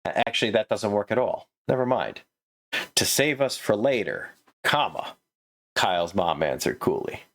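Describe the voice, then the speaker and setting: Low-voiced man, snarky manuscript critic, chuckles and restarts constantly. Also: animated, moderate pace, a bit bright. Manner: sarcastic, laughs often, stammers and restarts. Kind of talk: comedic writing critique.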